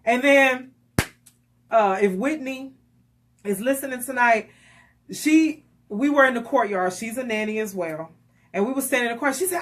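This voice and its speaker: Middle-aged woman, faith radio co-host, high-pitched, acts out every quote. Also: normal speed. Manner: animated storyteller who acts out quoted dialogue. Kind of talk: faith-based radio talk.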